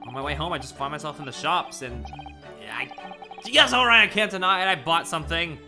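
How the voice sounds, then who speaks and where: A woman's voice: sits low, fairly quick, sharp tone. A woman doing a flustered young lawyer man. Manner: flustered, stammering. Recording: game music playing behind.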